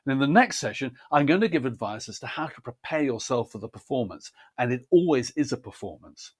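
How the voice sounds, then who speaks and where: A man giving a measured, precise talk on how to prepare a poem for reading aloud. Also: medium pitch, sing-song, breathy edge. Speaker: poetry reading teacher. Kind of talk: scripted instructional talk.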